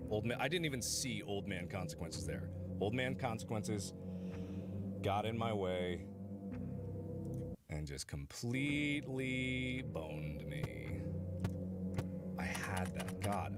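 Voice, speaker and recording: A man streaming a video game, commenting live, swearing, sarcastic and bursting into loud rages. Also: mid-range voice. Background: loud game music.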